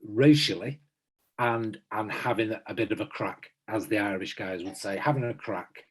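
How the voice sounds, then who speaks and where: Husky, earnest man. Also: fairly low pitch, a little mellow. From south Manchester, England. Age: 50s. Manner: earnest, reflective, hesitant. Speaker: podcast co-host. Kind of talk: casual chat among friends.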